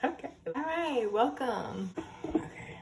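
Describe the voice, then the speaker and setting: A woman's voice: high voice, expressive, takes it slowly, creaky, a little mellow, a little hiss or hum. A young woman chatting casually through a hair tutorial at home, nervous and a little tipsy, rambling and giggly, recorded on a camera mic. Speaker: hair vlogger.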